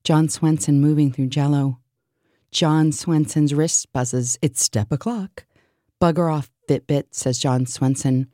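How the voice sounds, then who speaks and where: A woman reciting a surreal spoken-word list in a deadpan, absurd manner. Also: low-pitched, slow pace, no echo, studio quality.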